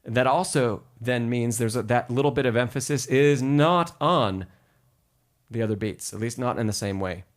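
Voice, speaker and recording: Here a man with a mid-range voice runs a piano lesson on a live stream, counting beats aloud, patiently explaining rhythm, and replying to chat.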